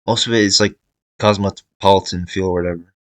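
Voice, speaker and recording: A man's voice: deep voice, steady tone, brisk, fairly bright tone, no echo, low-quality recording. A young man giving casual tier-list commentary, thinking aloud with fillers and restarts. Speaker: video creator ranking states.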